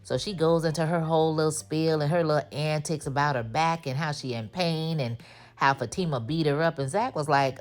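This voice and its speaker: A woman's voice: low voice, fairly quick. A woman giving a casual, sassy recap of a TV episode, acting out the characters' lines. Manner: chatty, sassy storytelling that acts out the characters' lines. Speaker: TV recap host.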